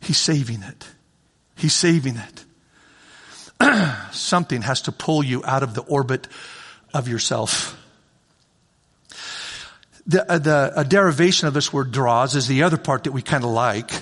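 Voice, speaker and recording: Animated preacher man in a reverberant hall. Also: medium pitch. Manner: animated, acts out God's voice, swings from shouting to hushed. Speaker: pastor. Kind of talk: sermon.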